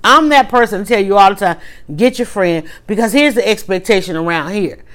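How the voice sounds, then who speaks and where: A woman hosting a livestream, telling a story in a casual, animated way with quick restarts and emphatic asides. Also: mid-range voice. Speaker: livestream host.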